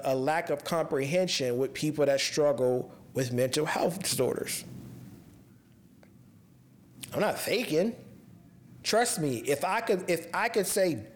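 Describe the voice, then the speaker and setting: A man hosting a podcast, speaking in a casual, candid personal monologue that turns raw and emotionally heavy. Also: a little high. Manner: casual and conversational, restarts when upset. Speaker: podcast host. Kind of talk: personal monologue on mental health.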